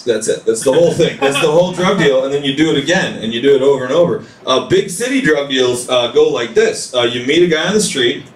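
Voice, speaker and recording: A man's voice: medium pitch, animated, quick pace, few pauses. A man in his late twenties doing a loose, rambling stand-up set with crowd work in a basement comedy room. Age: late 20s. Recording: roomy live recording from a distance.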